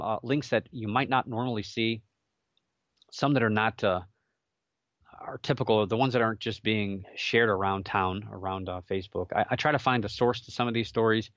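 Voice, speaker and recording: A man's voice: on the low side, a bit bright, dry recording, lo-fi sound. A man hosting a casual solo show, chatty and rambling with jokey asides and many fillers. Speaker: podcast host.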